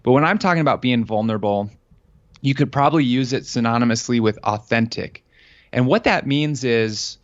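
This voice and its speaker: A man's voice: medium pitch, moderate pace, lo-fi sound. A man as a podcast guest, earnestly telling a personal story and acting out the dialogue. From Colorado. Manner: earnest, animated storyteller who acts out quoted dialogue. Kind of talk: storytelling in an interview.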